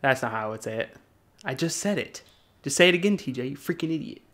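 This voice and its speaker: A man's voice: medium pitch, expressive, quick pace, a bit bright. Tipsy young man clowning around. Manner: joking, laughing at himself. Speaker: tipsy friend doing mock auditions. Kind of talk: goofy improvised acting. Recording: music playing in background.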